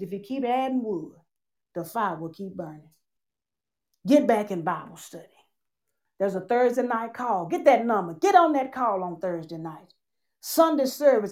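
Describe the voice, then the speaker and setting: A woman preaching a sermon, calling out to her church and swinging between loud and soft. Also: fairly high pitch. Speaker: church speaker.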